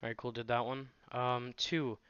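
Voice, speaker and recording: A man's voice: mid-range voice, flat delivery, normal speed, a bit bright, clean tone, no echo, highs cut off. A man presenting an award in a rambling, self-mocking way, with mock-dramatic asides. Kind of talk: casual comedic presenting.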